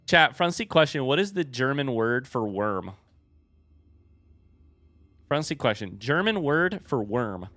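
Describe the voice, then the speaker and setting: A man giving live commentary on a video game, reacting loudly and talking to chat. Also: medium pitch, very animated, a little slow, long pauses, no echo. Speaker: streamer playing a video game.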